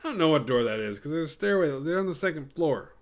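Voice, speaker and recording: A man recapping a horror film for his show, swearing casually and jumping into quick voices for the characters. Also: on the high side, big pitch swings. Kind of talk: casual comedic retelling.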